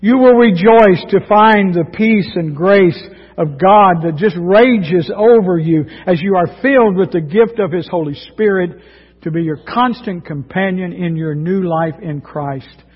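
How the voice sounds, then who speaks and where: A man preaching a dramatic sermon, reading scripture and swinging between loud emphasis and hushed moments. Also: high-pitched, unhurried, slightly rough. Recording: dull sound with long hall reverb.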